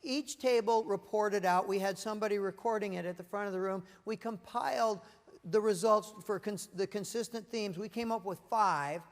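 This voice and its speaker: A man's voice: high voice, moderate pace, big-room sound. A middle-aged man giving a corporate leadership presentation to a room of people at tables, telling stories and asking rhetorical questions. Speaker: keynote speaker. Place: large meeting room with an audience at tables.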